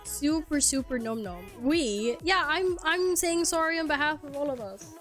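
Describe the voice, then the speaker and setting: A young woman who is a native Swedish speaker, live-streaming a game into a headset mic, chatty and animated, swearing freely and laughing often. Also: high-pitched, moderate pace, soft background music. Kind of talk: casual live-stream chat.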